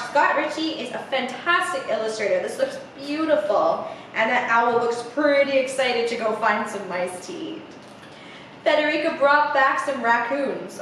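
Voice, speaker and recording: A young woman reading a picture book aloud to children, animated and chatty with many asides, in an echoey room heard from a distance. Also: high voice, a little hiss or hum. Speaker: theatre coach reading to children.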